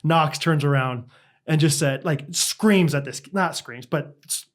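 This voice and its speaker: Young man, podcast co-host, slightly high voice, animated, laughing storyteller. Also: a little slow. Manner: animated, laughing, heavy use of "like". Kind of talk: casual storytelling.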